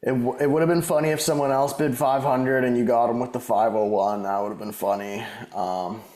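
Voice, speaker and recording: A man's voice: mid-range voice, steady tone, a little fast, a little mellow. A man co-hosting a casual fantasy football podcast, laid-back and swearing freely, laughing easily as he talks. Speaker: podcast co-host. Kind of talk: casual chat. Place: living in Australia.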